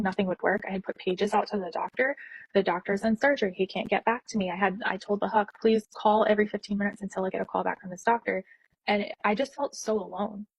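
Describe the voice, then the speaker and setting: Breathy-voiced woman nurse telling a story. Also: mid-range voice, dry recording, rough recording. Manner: intense, emotional retelling with quoted dialogue. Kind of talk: personal storytelling to camera.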